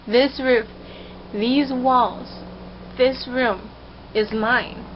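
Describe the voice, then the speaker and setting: A woman's voice: fairly high pitch, fairly even intonation, very slow, muffled recording, slight background noise. A woman talking casually to her viewers from her own room, rambling, playful and openly emotional. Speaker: vlogger. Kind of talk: casual heartfelt talk to camera.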